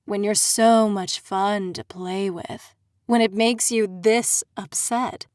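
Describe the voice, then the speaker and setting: Woman voicing a menacing male fae prince, slow taunting drawl, slightly lowered voice, dry close audiobook sound. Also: fairly even intonation, darkish tone, no room sound, close to an everyday voice.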